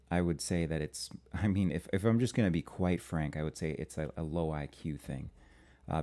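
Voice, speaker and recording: Male stream host from Minnesota with a very deep, mellow voice; casual, halting delivery full of fillers. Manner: halting, lots of restarts and fillers. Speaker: astrology channel host. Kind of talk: live-stream commentary.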